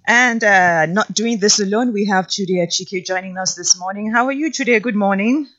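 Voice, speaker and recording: A bright-voiced woman from Nigeria co-hosts a morning news show, reading the headlines in a cheerful, loud manner. The sound is a little dull and lo-fi. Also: medium pitch, normal speed. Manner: cheerful, loud, laughs easily. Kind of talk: reading newspaper headlines on air.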